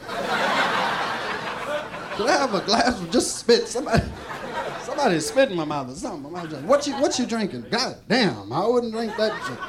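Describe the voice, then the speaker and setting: A man's voice: sits high, very animated, normal speed, long pauses. A man doing a rambling, profane stand-up set on a club stage, laughing often and restarting his sentences. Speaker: stand-up comedian. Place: club stage before a live audience. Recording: live club recording with crowd noise. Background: audience noise.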